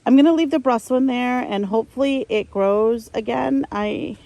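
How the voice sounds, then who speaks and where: A woman from upstate New York talking to her camera while she tends her garden, sighing, hesitant and thinking out loud. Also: on the high side, moderate pace. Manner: sighing, hesitant, talks to herself while working. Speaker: gardening vlogger. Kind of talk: casual vlog narration. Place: outdoor garden.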